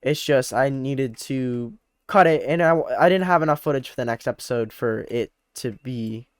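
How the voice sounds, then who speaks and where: A man's voice: medium pitch, normal speed, smooth, no echo. Rambling young man narrating gameplay. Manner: rambling, self-correcting, repeats words. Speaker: let's play host. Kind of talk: casual gameplay commentary.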